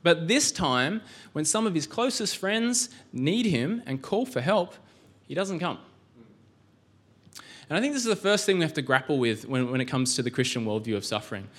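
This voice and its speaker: A man's voice: fairly high pitch, animated, moderate pace. A male pastor giving a sermon in a church, conversational, with rhetorical questions and frequent restarts.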